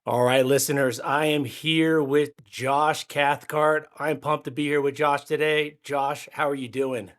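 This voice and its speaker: A man's voice: a little high, steady tone, a little slow, hardly any pauses, fairly bright tone. A man in his forties hosting a baseball coaching podcast, talking in an enthusiastic, conversational way. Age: 40s. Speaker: podcast host. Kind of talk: casual podcast talk.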